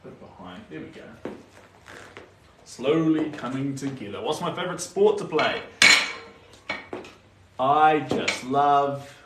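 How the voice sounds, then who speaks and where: A man's voice: medium pitch, takes it slowly, pauses often. A young New Zealand man with a New Zealand accent painting on a live stream, chatting casually, answering viewer comments and muttering to himself as he works. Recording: echoey room, distant mic, noisy.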